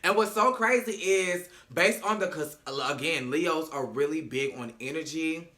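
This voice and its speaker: A man's voice: fairly high pitch, a little slow, sharp tone. A man giving a casual reality-show recap, sassy, emphatic and profane.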